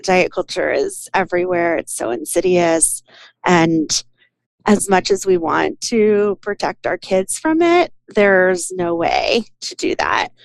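Slow-speaking woman psychologist. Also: on the low side, big pitch swings, gravelly, no room sound. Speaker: psychologist guest. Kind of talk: interview conversation.

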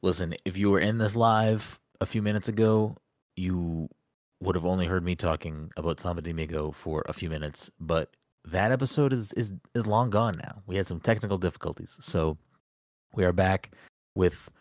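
A man's voice: deep voice, moderate pace, a little mellow, no echo, studio quality. A young adult man hosting a gaming podcast in a loose, joking way, cursing casually as he runs the intro. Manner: loose, joking, swears freely. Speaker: podcast host. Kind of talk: casual chat.

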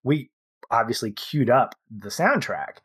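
A man's voice: medium pitch, expressive, measured pace, fairly bright tone, husky. A man in his thirties co-hosting a podcast, chatting casually and enthusiastically, rambling and correcting himself as he goes. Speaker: podcast co-host. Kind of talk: casual conversational review.

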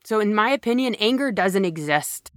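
A woman's voice: medium pitch, animated, normal speed, dry recording, clean studio sound. A woman with children talking frankly about emotions in a casual motivational monologue, blunt and emphatic, often repeating herself and restarting phrases. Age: adult, has children. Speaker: speaker on emotions.

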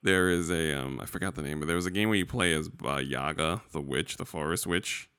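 A man's voice: a bass voice, a little fast, bright, forceful tone, clear, resonant tone, dry recording, studio quality. A man co-hosting a podcast in casual, rambling, joking chat. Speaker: podcast co-host.

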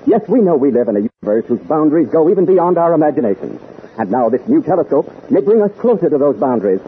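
A man's voice: a little high, very animated, fast. A male announcer giving an earnest scripted public-service talk to young listeners he calls gang. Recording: tinny old radio broadcast with faint noise.

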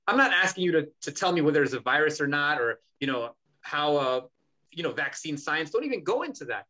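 A man's voice: fairly high pitch, very animated, a little fast, bright, forceful tone, poor audio. A man hosting a podcast who rants in heated, emphatic talk and swears a lot. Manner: profane, ranting, emphatic. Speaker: podcast host.

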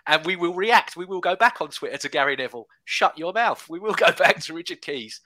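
A man in his thirties in a casual football podcast chat, lively and explaining his views. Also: on the high side, quick pace, slight background noise. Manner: lively, explanatory, laughs while talking.

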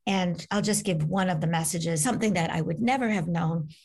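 A woman, a medium and author, telling a personal story as an interview guest, animated and acting out the voices of the people in it. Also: lowish voice, brisk, gravelly, husky. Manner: animated, acts out voices in her stories. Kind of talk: conversational storytelling.

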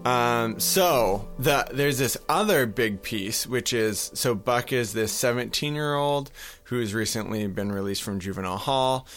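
A man's voice: medium pitch, measured pace, fairly bright tone, faint music behind. A man co-hosting a casual podcast, agreeably backing up his partner and summarizing the plot. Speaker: podcast co-host.

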